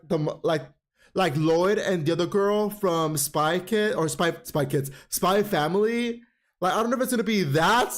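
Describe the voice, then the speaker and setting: Vlog host, man, high bouncy voice, profane, gushing episode recap. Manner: calls listener "girl" often. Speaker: anime recap vlogger.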